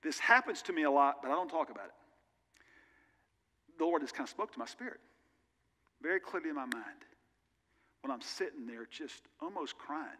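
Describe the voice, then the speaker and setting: A man's voice: on the high side, expressive, normal speed, long pauses, pushed and bright, slight background noise. A male pastor preaching a sermon in an earnest, conversational way with candid personal asides, recorded in a church sanctuary. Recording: long reverb of a large church hall.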